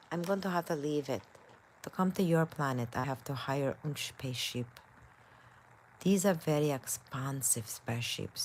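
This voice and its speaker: A woman's voice: extremely low pitch, a little hiss or hum. A woman hosting a live stream in a playful, chatty way, reading viewer comments aloud and peppering her talk with "like" and "you know". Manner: frequent "like" and "you know" fillers. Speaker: livestream host. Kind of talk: casual live-stream chat.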